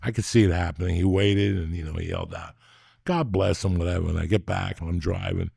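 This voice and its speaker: Swearing freely as he rambles, a man in his 60s hosts a laid-back podcast where he needles his co-host and launches into lengthy tales. His voice is low, dark, deeply gravelly and husky, delivered fairly fast in a steady tone. The audio is close-miked and dry.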